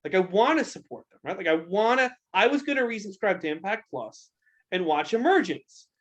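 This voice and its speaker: A man's voice: sits high, big pitch swings, brisk. Profane, heated young man ranting. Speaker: podcast co-host. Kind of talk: casual wrestling podcast rant.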